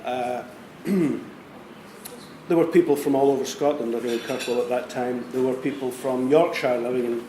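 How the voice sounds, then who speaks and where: A man, a writer, answering questions at a university event, talking hesitantly with pauses. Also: medium pitch, fairly even intonation, dark tone. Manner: hesitant, with many fillers and restarts. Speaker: guest writer. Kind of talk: literary conversation at a public event. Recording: echoey room with faint noise.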